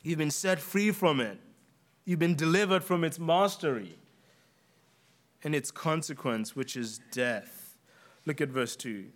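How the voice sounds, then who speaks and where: A man with a noticeable accent preaching a sermon, earnest and emphatic, repeating key phrases for weight. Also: fairly high pitch. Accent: non-native English accent. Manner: earnest, emphatic with deliberate repetition.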